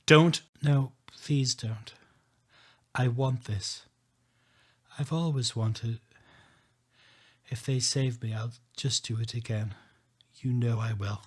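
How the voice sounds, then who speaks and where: A man reading an audiobook, voicing a despairing woman who speaks quietly and slowly on the phone. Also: mid-range voice, fairly even intonation, breathy edge. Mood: pleading. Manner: quiet, slow, deliberate. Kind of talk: audiobook character voice.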